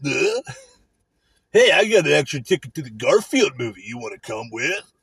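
A man's voice: a little high, big pitch swings, moderate pace, creaky, a bit bright, breathy edge, no room sound, voice pushed up, heavily acted. A man putting on the voice of a douchey middle-aged male coworker who tries to sound cool, drawling and fake-casual. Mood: creepy.

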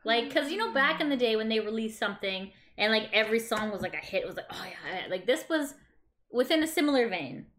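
A woman's voice: a little high, expressive, quick pace, a bit bright, a little hiss or hum. A woman co-hosting a casual chat podcast, talking animatedly with lots of "like" and casual swearing. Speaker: podcast co-host.

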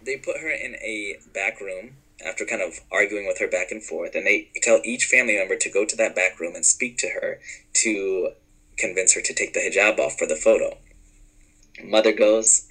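A man with a rather low voice and a bright, forceful edge narrates a story in conversation. He tells it with animation and slips into the voices of the people in it. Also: poor audio. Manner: animated, acts out dialogue in the story. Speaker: guest storyteller.

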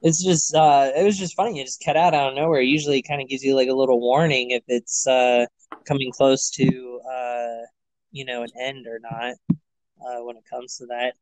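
A man with a mid-range voice hosts a sports podcast from his computer over a remote call. He is easygoing and pauses on "uh" often. The sound is dry and close. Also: mid-range voice, level tone, a little mellow, no room sound, poor audio. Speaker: podcast host. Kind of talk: casual sports chat.

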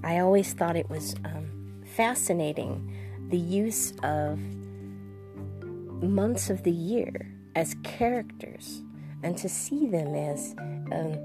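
A woman hosting a podcast reads a story aloud in a gentle, relaxed way. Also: fairly low pitch, takes it slowly, music in the background. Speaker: podcast host reading a story. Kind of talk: storybook narration.

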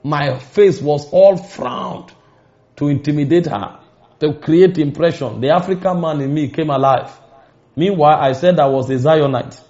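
A man with a Nigerian accent preaching a sermon, telling personal stories with emphatic rises and dramatic pauses. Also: fairly high pitch, darkish tone. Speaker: pastor. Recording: muffled lo-fi recording.

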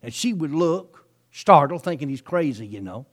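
Man, preacher telling a story, folksy asides, fairly high voice, very animated pitch. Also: normal speed. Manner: folksy, chatty, with frequent asides. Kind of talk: storytelling sermon.

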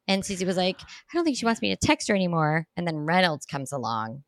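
A woman co-hosting a podcast, chatting casually as an animated storyteller who swears freely and laughs often. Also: fairly low pitch, a little fast, no room sound, clean studio sound. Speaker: podcast co-host; mother of a young daughter. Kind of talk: casual chat.

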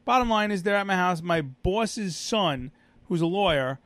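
Male podcast co-host, slightly high voice, rambling and chatty. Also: animated, normal speed, a bit bright, no echo. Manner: rambling, self-interrupting storyteller with many restarts and fillers. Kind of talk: casual chat.

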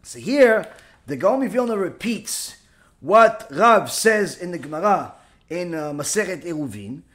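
A man's voice: sits high, very animated, measured pace, fairly bright tone. A man teaching a Torah class, explaining a Talmud passage with rhetorical questions and repeated key phrases, mixing Hebrew terms into his English.

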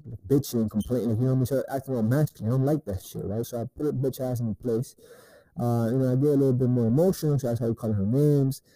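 A man tells a story in a loose, rambling rant, swearing freely and checking in with the listener again and again. His voice is very dark and mellow, and the sound is close and dry. The delivery is casual and unscripted. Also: medium pitch, no echo, low-quality recording. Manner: rambling and profane, with many repeated "right?" tags. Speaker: podcaster.

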